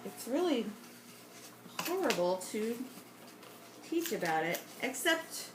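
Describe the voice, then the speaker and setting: A woman's voice: fairly high pitch, big pitch swings, takes it slowly, noisy background. A woman chatting casually while she scrapbooks, rambling off on tangents and laughing often. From United States. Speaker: scrapbooking vlogger.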